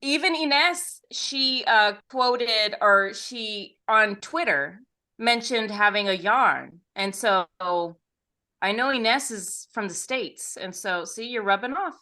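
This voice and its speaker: Woman podcast co-host, slow easy talker, bright voice, laughs and teases a lot. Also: a little high, expressive. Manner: giggly and easygoing, teasing her co-host. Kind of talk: casual chat.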